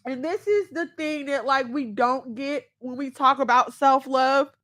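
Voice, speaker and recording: With a high-pitched, slightly bright voice and a somewhat slow delivery, this woman in her thirties hosts a podcast. Her personal talk to listeners dwells candidly and emotionally on family and self-love.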